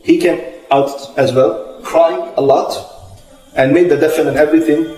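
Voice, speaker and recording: A man's voice: a little high, steady tone, unhurried, warm tone. A man retelling a religious moral story, rambling with many fillers and Arabic religious phrases. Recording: roomy sound from far off the mic.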